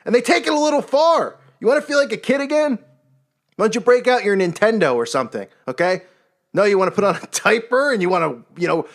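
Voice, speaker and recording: A man with a notably high voice rants in an indignant, exasperated way. He delivers religious commentary, swinging between outrage and disbelief. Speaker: online commentator.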